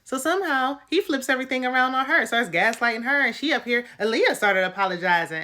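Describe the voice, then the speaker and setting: A woman vlogger giving a sassy, animated, slangy recap of a dating show, with plenty of exclamations. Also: sits high, quick pace, few pauses. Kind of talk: sassy casual recap commentary.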